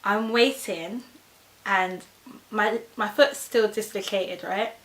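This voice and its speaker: A young woman telling a storytime vlog, animated and acting out the voices of everyone in the story. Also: mid-range voice, slow, poor audio. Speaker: vlogger.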